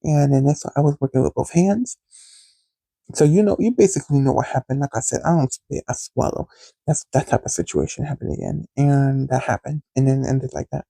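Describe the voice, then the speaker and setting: A man's voice: mid-range voice, fairly quick, vocal fry, mellow, breathy edge, no room sound, rough recording. A man telling a personal story in a frank, rambling way, speaking straight to his listeners as a podcast host. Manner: candid, rambling, addresses listeners directly. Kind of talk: casual storytelling.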